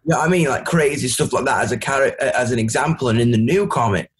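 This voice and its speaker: A loud man with a Yorkshire accent, talking as an interview guest. His voice is husky and a little rough. He rambles through his stories and swears freely. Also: medium pitch, fast. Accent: Yorkshire English. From Doncaster, England. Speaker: guest musician. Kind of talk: casual interview chat.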